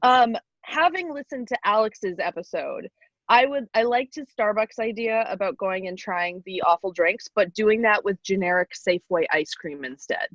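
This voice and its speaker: A young adult woman chatting casually on a podcast, pitching ideas and laughing often. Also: moderate pace, fairly bright tone, dry recording, dull audio.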